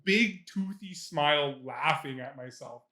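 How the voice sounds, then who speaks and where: A young man with a slightly higher voice chats loosely on a podcast and laughs as he tells his stories. He swears freely and speeds up when a bit gets going. The sound is roomy and echoey. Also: measured pace, bright, forceful tone. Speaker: podcast co-host. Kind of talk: casual chat. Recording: echoey room.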